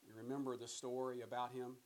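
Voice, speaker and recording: A man's voice: medium pitch, flat delivery, fast, a little mellow, rough recording. A man teaching a Bible study in a conversational way, often repeating words and putting questions to his listeners. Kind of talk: sermon-style Bible teaching.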